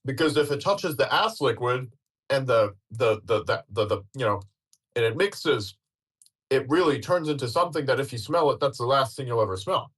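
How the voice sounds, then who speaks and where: Husky man ranting with lively pitch. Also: moderate pace. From Europe. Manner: profane, animated ranting with laughter. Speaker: host. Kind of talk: casual chat.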